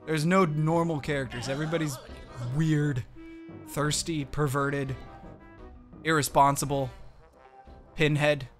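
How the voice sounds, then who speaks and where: A man's voice: on the high side, fairly even intonation, a little slow, long pauses, faint music behind. A man casually commenting on his gameplay, playful and full of meme jokes. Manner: jokey, meme-heavy, playful. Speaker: let's-play gamer.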